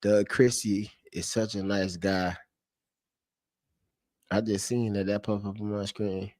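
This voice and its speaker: Talking to his live-stream chat off the cuff, a man gets heated and profane, restating each point over and over. His voice is lowish, slow, flat and a little mellow, recorded in a clean studio with no echo.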